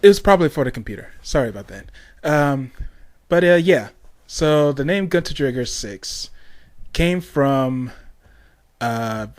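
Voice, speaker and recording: A man's voice: mid-range voice, lively intonation, unhurried. A young man hosting a casual solo podcast, rambling along with lots of ums, restarts and tangents. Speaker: podcast host.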